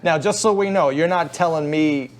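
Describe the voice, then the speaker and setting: A man's voice: on the high side, moderate pace, a little hiss or hum. Man asking probing interview questions. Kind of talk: casual interview.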